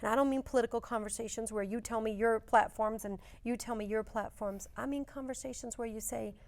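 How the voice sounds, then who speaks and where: A woman from a museum, a guest on a TV talk show, answering in measured, list-like phrases. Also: a little high, fairly even intonation. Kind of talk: interview answers.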